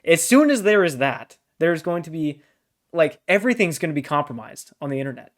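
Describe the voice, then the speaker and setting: A man's voice: fairly high pitch, big pitch swings, brisk. A man co-hosting a casual book discussion podcast, blunt and exasperated, swearing freely as he pushes back. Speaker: podcast co-host.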